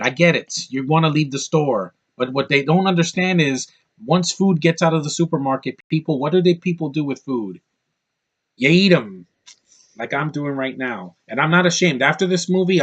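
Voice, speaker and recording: A man's voice: fairly high pitch, lively intonation, normal speed, dull audio. Guy rambling his movie review into the camera, lots of ums and restarts, super opinionated. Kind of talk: casual talk-to-camera review. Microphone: camera mic, close to camera.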